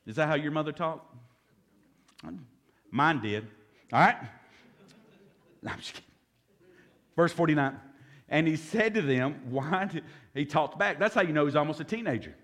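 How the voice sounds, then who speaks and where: A man teaches an evening Bible study, moving between scripture reading and playful asides. His pitch rises and falls freely as he talks, keeping a loose, joking tone with his listeners. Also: normal speed, pauses often. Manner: lively, joking, reads scripture aloud. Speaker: pastor leading a Bible study.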